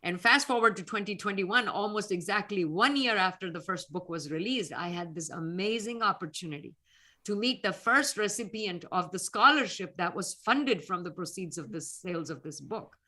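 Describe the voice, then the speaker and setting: A woman's voice: mid-range voice, lively intonation, normal speed, sharp tone. A middle-aged woman from North India with an Indian English accent, answering interview questions in an earnest, reflective way that turns emotional. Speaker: guest speaker, alumna scientist.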